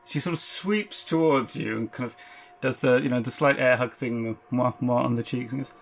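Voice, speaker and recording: A man with a gravelly, mid-pitched voice running a tabletop game. He narrates scenes in a loose, descriptive way, dotted with ums and restarts. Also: moderate pace. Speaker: game master.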